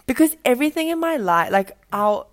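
A woman's voice: high-pitched, big pitch swings, fairly quick. A woman co-hosting a casual podcast, a little drunk, talking animatedly and swearing freely over her friend. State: tipsy. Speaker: podcast co-host.

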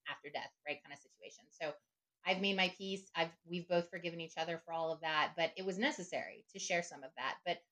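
Middle-aged woman, podcast guest, lowish voice, chatty and quick to laugh. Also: fairly bright tone. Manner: chatty, often adds "right?", laughs easily. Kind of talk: casual interview talk.

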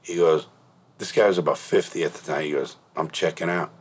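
A man's voice: extremely low pitch, brisk, a little mellow, slightly rough. A middle-aged man hosting a podcast, telling blunt, profane stories in casual interview chat. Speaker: podcast host.

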